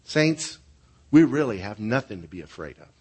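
A man's voice: on the low side, sing-song, normal speed, a little mellow, breathy edge. A male pastor preaching a sermon, telling stories in an earnest way and closing in prayer.

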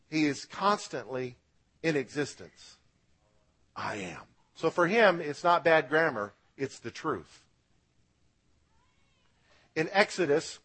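Emphatic preacher with a high-set voice. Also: male voice, a bit bright, breathy edge. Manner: emphatic preaching, rising and dropping for effect; asks congregation to repeat words. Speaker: pastor. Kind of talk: sermon.

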